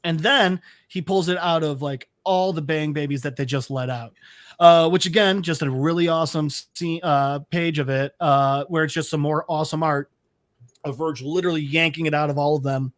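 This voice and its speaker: A man on a casual nerd podcast tells a comic's plot with animated energy. He swears freely and breaks into laughter at his own asides. His voice sits a bit high and sounds dry and close, with little room sound. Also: normal speed, no echo. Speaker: podcast co-host.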